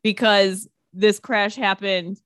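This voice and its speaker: A woman's voice: medium pitch, flat delivery, slow, fairly bright tone, clear, resonant tone, no echo, clean studio sound. A woman co-hosting a casual chat who laughs often and swears casually. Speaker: podcast co-host.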